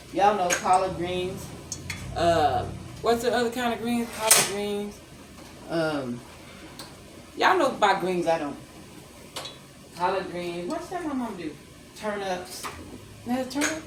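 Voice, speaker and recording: An older woman hosting a casual cooking demonstration, chatting and rambling to her viewers as she works in her home kitchen. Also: mid-range voice. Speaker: cooking vlog host. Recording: noisy kitchen with clattering pans.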